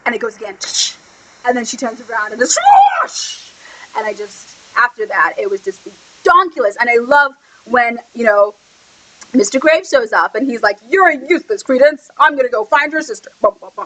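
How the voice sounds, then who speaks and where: Gushing, excitable woman vlogger. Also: brisk, rough recording. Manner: gushing and excitable, lots of "like" fillers; acts out quotes with sudden high squeals and whispers. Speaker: book blogger reviewing a film. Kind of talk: casual chat.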